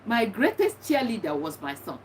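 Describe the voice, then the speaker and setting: A woman's voice: medium pitch, wildly swooping pitch, moderate pace. A middle-aged woman, a bereaved mother, giving earnest and encouraging advice, often repeating herself. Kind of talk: personal testimony talk. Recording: distant mic with faint background noise.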